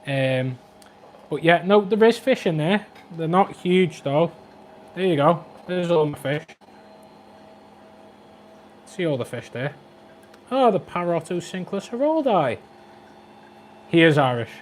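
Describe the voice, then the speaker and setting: A man in his twenties with a Scouse accent, chatting quickly and jokily on a livestream about his aquarium, reading out viewer comments. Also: fairly high pitch, animated, a little hiss or hum. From Liverpool, England. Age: 20s. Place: flat at home.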